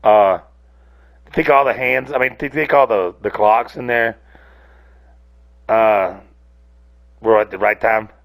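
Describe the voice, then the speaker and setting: A man's voice: fairly low pitch, slow, long pauses. A man hosting a casual solo rant podcast, rambling and cursing freely, often breaking off mid-sentence. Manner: rambling, profane, self-interrupting. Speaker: podcast host.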